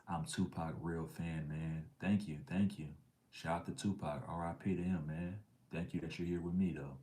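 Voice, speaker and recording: A man's voice: sits low, fairly even intonation, normal speed, dark tone. A middle-aged man hosting a casual livestream, reading the chat with laid-back slangy banter and dropping into whispered asides.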